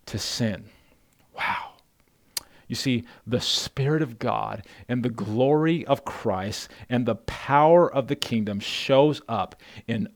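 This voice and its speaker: A man who is a pastor, preaching an emphatic, exhorting sermon that swings from hushed to loud and often addresses the listeners as folks. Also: medium pitch, dry recording, studio quality.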